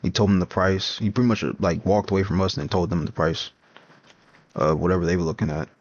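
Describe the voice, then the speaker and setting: A young man talking loosely over a game, his voice sitting a little low. He rambles, laughs at his own story and restarts his sentences. The recording is dull and lo-fi, like a cheap home mic. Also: fairly even intonation, fast talker. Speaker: comics vlogger. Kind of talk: casual rambling chat while gaming.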